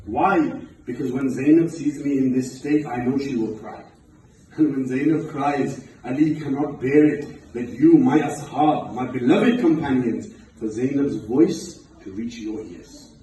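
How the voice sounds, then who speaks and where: A man's voice: a little slow, a little hiss or hum. Man preaching in an echoey hall. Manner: rises to loud impassioned pitch as he recounts. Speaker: speaker at a religious gathering. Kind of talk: mournful sermon narration. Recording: echoey hall, far from mic.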